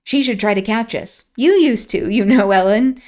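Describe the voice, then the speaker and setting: A woman's voice: fairly high pitch, moderate pace, a little mellow, close to an everyday voice. A woman voicing a proud, teasing teenage girl. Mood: eager.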